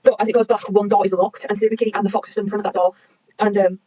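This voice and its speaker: A woman's voice: medium pitch, flat delivery, racing, mellow, far from the mic, low-quality recording. A young woman gushing and rambling through a manga recap, swearing constantly. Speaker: manga reader reacting. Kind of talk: excited recap chat.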